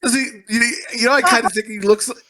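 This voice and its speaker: A young man co-hosting a crude comedy podcast, profane and giggly, talking in excited casual banter. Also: very high-pitched, fast. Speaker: podcast co-host.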